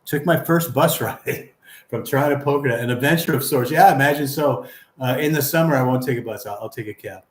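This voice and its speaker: A man's voice: mid-range voice, quick pace, echoey room. A man hosting a casual livestream, reading viewer comments aloud in a friendly, rambling way. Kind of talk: casual live chat.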